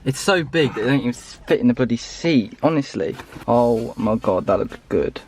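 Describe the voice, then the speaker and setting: A young man vlogs casually while driving, chatting with his viewers and swearing freely. His medium-pitched voice has lively intonation at a normal speed, with car and road noise clearly audible inside the car.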